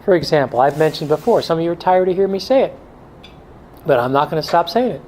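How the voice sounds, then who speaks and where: A man's voice: fairly high pitch, animated, fast talker, darkish tone, a little hiss or hum, rough recording. A middle-aged male pastor giving a blunt, joking talk to a men's group, now and then mimicking excuses in a whiny voice.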